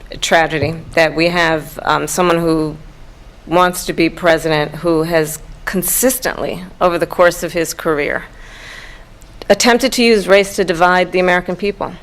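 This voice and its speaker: Woman at a debate, lowish voice, earnest and measured. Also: fairly even intonation. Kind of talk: debate remarks.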